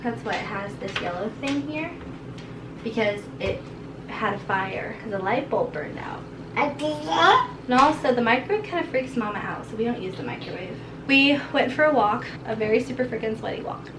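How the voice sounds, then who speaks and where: A young woman and mother with a sick, hoarse voice, chatting casually and rambling through a home vlog, full of "like". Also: fairly high pitch, lively intonation, normal speed, far from the mic. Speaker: vlogger and mother. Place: home kitchen and garden. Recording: roomy, off-mic, household noise.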